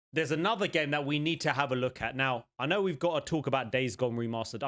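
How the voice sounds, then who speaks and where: A young man hosting a gaming channel, chatting casually and excitedly as he reacts to game trailers in a rambling, jokey way. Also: medium pitch.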